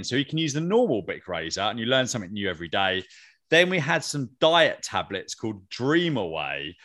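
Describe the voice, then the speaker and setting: Male host, lowish voice, deadpan wit, casual review over a call. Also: fairly quick. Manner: dry, sarcastic humor. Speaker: podcast host. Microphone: online call.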